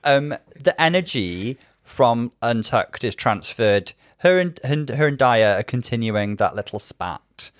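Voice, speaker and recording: A man's voice: mid-range voice, animated, unhurried, few pauses, no echo, clean studio sound. A man co-hosting a casual podcast recap, explaining things at length in an easygoing way with a ready laugh. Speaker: podcast co-host. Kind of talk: casual chat recapping a TV show.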